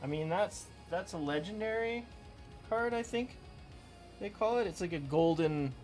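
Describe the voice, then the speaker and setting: A chatty, playful man talks to his viewers while cracking card packs in a room at home. His voice sits a bit higher than most men's. Faint music plays underneath. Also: lively intonation, a little slow, a little mellow. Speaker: channel host opening card packs. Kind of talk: casual chat while opening packs. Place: room at home with fans running.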